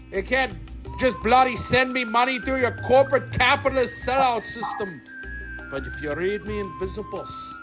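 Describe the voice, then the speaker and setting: A woman voicing a crude, rambling male British writer caricature in a mock British accent, shouting insults. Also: fairly high pitch. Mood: scornful. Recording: music playing under the voice. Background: music.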